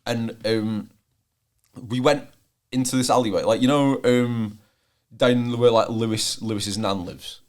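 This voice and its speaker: A man's voice: medium pitch, steady tone, unhurried. A young man, co-hosting a student podcast and telling a long rambling story full of fillers and restarts. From England. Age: young adult. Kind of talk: casual chat. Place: room, seated on the floor.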